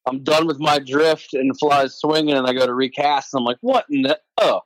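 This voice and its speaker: A man's voice: mid-range voice, fairly even intonation, a little fast, no room sound, low-quality recording. A man co-hosting a casual podcast, speaking in a laid-back, wry way. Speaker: podcast co-host. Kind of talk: casual chat.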